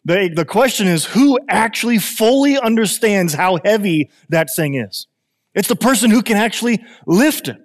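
A man in his thirties gives a lively, conversational sermon, circling back and repeating phrases as he builds his point. His voice sits a little high for a man. The long reverb of a church hall trails after his words. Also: normal speed. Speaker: pastor.

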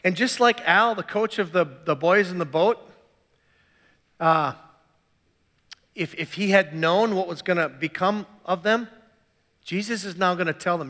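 A man preaching a sermon as a pastor, talking conversationally with animated emphasis and frequent restarts. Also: high-pitched, measured pace, long pauses, long reverb tail.

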